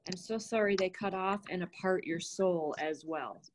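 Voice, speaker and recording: Hesitant woman guest, lowish voice, repeats lines back slowly. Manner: hesitant, repeats phrases after the host. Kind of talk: emotional personal sharing.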